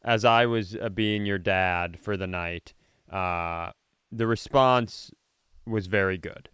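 A podcast co-host chatting casually, supportive and quick when he makes a point. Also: sits low, a bit bright, clean tone, dry recording, studio quality. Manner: supportive, quick reflective talk. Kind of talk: casual chat.

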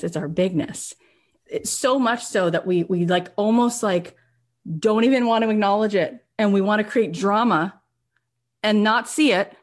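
A woman's voice: mid-range voice, a little mellow. A woman podcast host and business coach giving an emotional, effusive motivational talk, peppered with "right?" and "you guys".

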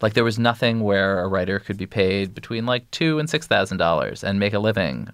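A man's voice: on the low side, lively intonation, fairly quick, a bit bright, clear, resonant tone, no room sound, clean studio sound. A man answering as a podcast guest in loose, rambling conversation, full of restarts and fillers. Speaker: podcast guest, news editor. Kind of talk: casual interview conversation.

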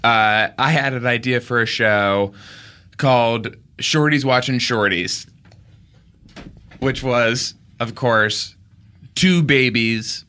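A man co-hosting a comedy podcast, telling absurd made-up stories in a deadpan, straight-faced way. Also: mid-range voice, takes it slowly, pauses often. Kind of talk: deadpan improvised comedy chat.

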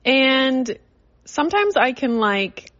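A young woman from Canada chats casually on her solo podcast, rambling and full of fillers. Her voice sits a little high. The audio is slightly dull and lo-fi. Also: big pitch swings, slow, a bit bright. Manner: chatty, rambling, lots of "like". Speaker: podcast host. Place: in a car.

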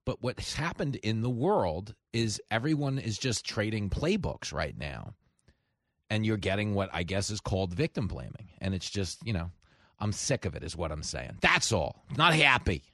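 A man hosting a talk radio show, speaking in an animated, sarcastic way and mocking his opponents in put-on voices. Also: fairly low pitch, normal speed, no room sound, clean studio sound. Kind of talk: opinionated talk radio monologue. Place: radio studio. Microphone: studio mic.

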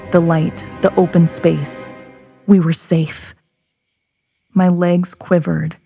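Gravelly hushed woman narrating horror. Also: low voice. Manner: hushed, often drops to a whisper. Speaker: podcast host and storyteller. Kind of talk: scripted horror story narration. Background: background music.

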